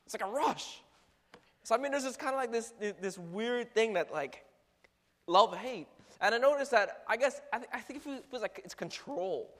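A young man in a casual storytelling monologue, animated and full of filler words, acting out ride noises. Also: very high-pitched, moderate pace. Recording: long hall reverb.

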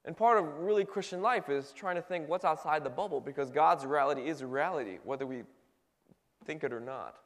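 A youthful-sounding man preaches in a loose, chatty way, stumbling over restarts and peppering his talk with fillers. His voice sits a bit high for a man. The sound rings with a long hall reverb. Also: a little fast. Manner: conversational, many fillers and restarts. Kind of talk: casual sermon.

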